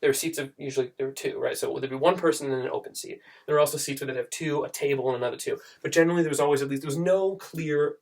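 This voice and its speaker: A young man tells a comic story to camera at a fast clip, his voice gravelly with fry. He rambles and keeps interrupting himself. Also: mid-range voice.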